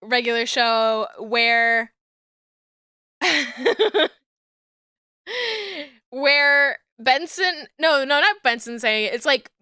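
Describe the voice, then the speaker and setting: A young woman streamer rambles through a casual chat, giggling and swearing as she goes. Her voice sits high and clean, and she takes an unhurried pace. The sound is dry and close, with no room around it. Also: lively intonation, bright, forceful tone, smooth, dry recording.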